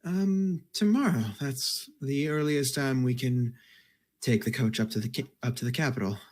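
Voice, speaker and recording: A man's voice: medium pitch, moderate pace. A man narrating a tabletop game as game master, rambling and restarting his phrases.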